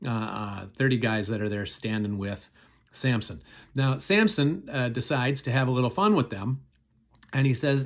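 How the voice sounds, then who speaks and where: A man's voice: mid-range voice, normal speed. A middle-aged man, a pastor, casually retelling a Bible story in a chatty, folksy way with many fillers.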